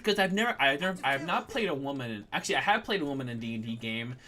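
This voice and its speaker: A man's voice: medium pitch, animated, very fast, pushed and bright, slight background noise. A man streaming a game and chatting casually about running a tabletop campaign, rambling with lots of fillers and restarts. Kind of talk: casual chat while gaming.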